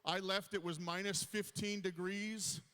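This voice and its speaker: Fifties stand-up comic, self-deprecating, slightly high voice, live on a reverberant stage. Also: male voice, fairly even intonation, measured pace, bright, forceful tone. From Canada. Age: 50s. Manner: self-deprecating storytelling to a crowd. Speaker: stand-up comedian. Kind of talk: stand-up comedy set. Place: large hall on stage.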